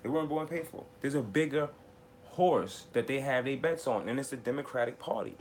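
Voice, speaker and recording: A man from the United States hosts a live one-on-one show, ranting hard and cursing freely. He hammers his points by saying them again and again, at a middling pitch for a man. Faint noise sits behind his voice. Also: lively intonation, a little fast. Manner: heated, profane, repetitive. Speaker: host. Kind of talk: live political rant.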